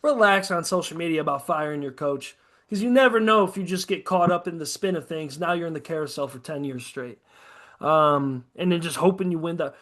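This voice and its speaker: A man's voice: fairly high pitch, brisk, fairly bright tone. A man co-hosting a podcast, chatting casually and profanely about sports, ranting hard and mocking others in quoted asides. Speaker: podcast co-host.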